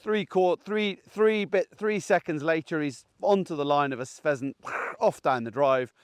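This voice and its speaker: A man's voice: a little high, a little slow, clean tone, dry recording, clean studio sound. A man, a gundog trainer, giving plain-spoken, chatty training advice outdoors in a field. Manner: chatty, plain-spoken, keeps checking in with "okay?".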